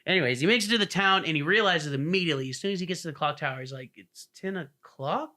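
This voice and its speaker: Male podcast co-host for casual storytelling; bright, slightly higher voice, acts out the people in his stories. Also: fast talker.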